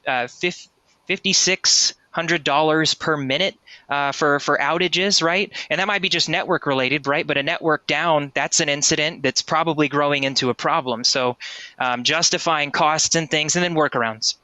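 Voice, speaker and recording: A man presenting a live software demo in a webinar, explaining in a conversational way and often ending sentences with "right?". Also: on the high side, normal speed, no room sound.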